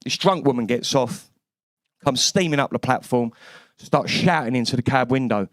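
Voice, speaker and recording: A man's voice: mid-range voice, moderate pace, no echo. A man from East London with a London accent, doing a brash, cheeky stand-up comedy set on a club stage with lots of swearing.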